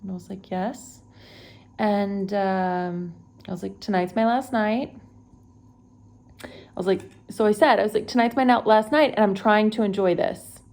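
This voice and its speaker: Gravelly-voiced young woman from Texas recounting. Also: mid-range voice, steady tone, unhurried, long pauses, a little mellow. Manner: conversational, with many fillers and self-corrections. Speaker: travel vlogger. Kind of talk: unedited personal retelling. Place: at home.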